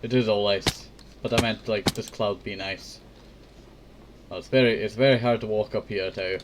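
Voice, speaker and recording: A man's voice: lowish voice, steady tone, moderate pace. Man hosting a gameplay video, sick and coughing, rambling chatty delivery, faint noise behind. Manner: rambling, keeps saying "I tell you". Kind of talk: casual gameplay commentary.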